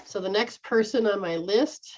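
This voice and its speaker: A woman's voice: mid-range voice, normal speed, a little mellow, dull audio, slight background noise. A woman leading an energy healing session, voicing her clients' feelings in first person and giving step-by-step hand-position instructions. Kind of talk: guided healing session, casual.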